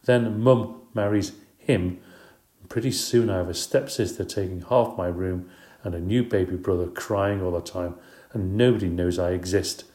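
A man's voice: low voice, normal speed, warm tone, reverberant, close to an everyday voice. A man voicing Abby, a resentful girl stepsister who talks in a snappish, complaining way, in an audiobook. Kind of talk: audiobook character voice.

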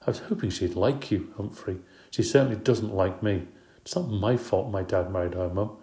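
A man doing a gentle, kind girl. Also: on the low side, normal speed, roomy sound, lightly acted. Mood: sad. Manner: gentle, earnest. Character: kind, patient girl, Miranda. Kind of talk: audiobook character voice.

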